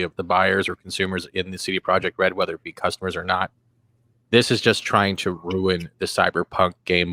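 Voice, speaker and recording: A man's voice: deep voice, a bit bright, no room sound. A man on a gaming stream panel, explaining his view at length in an argumentative way. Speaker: guest panelist. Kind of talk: casual chat on a live stream.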